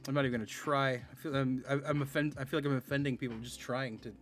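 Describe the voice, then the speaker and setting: A man's voice: medium pitch, steady tone, fast, hardly any pauses, faint music behind. A man in his thirties chatting casually while streaming a game, rambling, sarcastic and laughing often. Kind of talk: casual live-stream chat.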